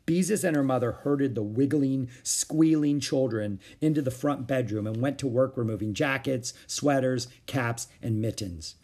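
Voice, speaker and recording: A man reading a children's book aloud in an expressive storytelling manner. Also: mid-range voice, normal speed, hardly any pauses.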